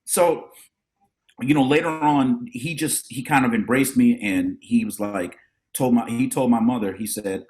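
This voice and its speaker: A middle-aged man, a drummer and educator, telling animated stories about his mentors as a podcast guest and acting out the voices of the people he quotes. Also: mid-range voice, normal speed. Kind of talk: casual storytelling interview.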